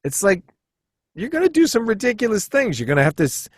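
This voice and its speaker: A man chatting as a podcast guest, telling stories in an animated, rambling way with many restarts, often jumping into quoted voices. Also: high voice, quick pace, breathy edge, dry recording, studio quality. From United States. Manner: animated storyteller who jumps into quoted voices. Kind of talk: casual storytelling chat.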